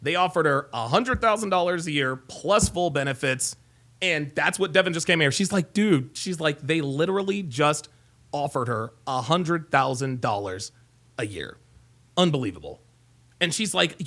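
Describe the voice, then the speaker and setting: A man's voice: fairly high pitch, lively intonation, normal speed, a bit bright. A middle-aged man hosting a show, telling a long story in a casual rambling way, repeating himself and restarting his sentences. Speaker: host.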